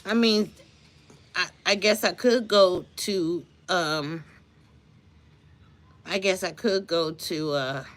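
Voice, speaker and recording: A woman chatting casually on a live stream, telling a story with animated energy and greeting her chat viewers. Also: fairly low pitch, takes it slowly, long pauses.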